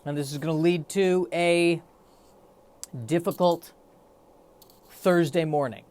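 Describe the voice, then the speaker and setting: A man's voice: fairly high pitch, steady tone, slow pace, darkish tone, smooth. A man hosting a solo podcast, rambling in a wry, self-deprecating way. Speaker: podcast host. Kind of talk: solo comedic podcast monologue.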